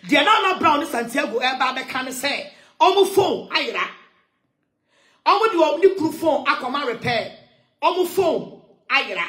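Loud ranting woman. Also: high-pitched, echoey room. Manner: loud, shouting and sing-song outbursts. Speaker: social media commentator. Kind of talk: heated rant mixing English and Twi.

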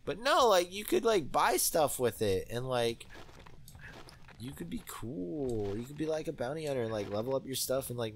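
A young man giving excitable, rambling commentary while playing a video game, with many fillers. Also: medium pitch. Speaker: let's play host. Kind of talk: gaming commentary.

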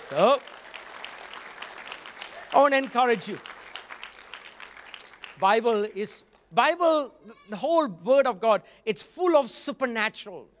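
Male guest preacher, high-pitched, storytelling sermon delivery. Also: unhurried, in a large hall, some chatter behind, a little hiss or hum. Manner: storytelling preacher, animated with frequent asides.

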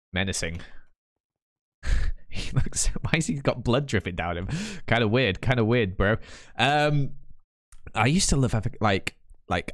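A northern English man in his late twenties chats away on a live stream in a rambling, easygoing way. His pitch swings up and down a lot as he reads chat and laughs between thoughts. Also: no echo, clean studio sound. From northern England. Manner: chatty, rambling, quick to laugh. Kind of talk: casual live-stream chat, reading chat aloud.

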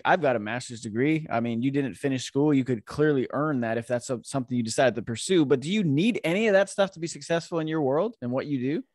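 A man's voice: medium pitch, no room sound, clean studio sound. A man hosting a casual interview, blunt and swearing freely. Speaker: podcast host.

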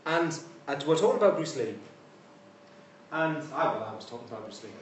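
Briskly and expressively, a man with a slightly high voice lectures informally at a university, tossing in dry, chatty remarks. He's picked up from afar by a room mic in a reverberant hall, with light background noise.

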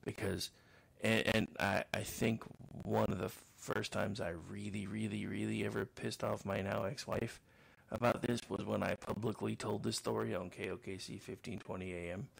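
Middle-aged male podcast host, heavy vocal fry, radio-trained voice, loose self-deprecating rambler. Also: on the low side, level tone, moderate pace. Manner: rambling, self-mocking storyteller with frequent restarts. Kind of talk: casual monologue.

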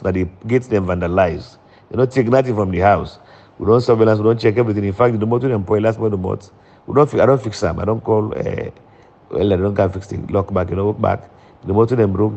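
A man's voice: lowish voice, mellow. A middle-aged man with a Sierra Leonean, Krio-inflected accent, giving a repetitive, reassuring public statement to supporters and the press. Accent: Sierra Leonean, Krio-inflected English. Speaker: former government minister. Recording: dull lo-fi recording.

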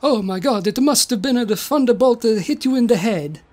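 A bumbling old inventor gushes in breathless exclamations, as a woman puts him on. His voice rises a little higher than usual in an excitable, comic tone. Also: a little slow. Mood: excited. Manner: gushing exclamations.

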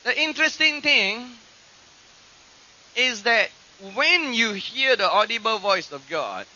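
A man preaching a sermon, teaching from scripture and acting out quoted voices with animated emphasis. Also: extremely high pitch, takes it slowly. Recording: dull lo-fi archive recording.

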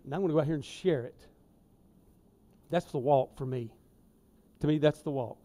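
A man preaching a sermon in a church, folksy and conversational, with emphatic asides and swings in loudness. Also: on the high side, moderate pace. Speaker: lay preacher. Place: church sanctuary.

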